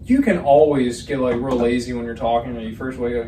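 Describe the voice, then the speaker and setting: A man's voice: mid-range voice, animated, brisk. A young man, co-hosting a podcast in casual chat, telling rambling stories and swearing freely. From Pennsylvania, USA. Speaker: podcast co-host. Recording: roomy, distant mic, faint noise.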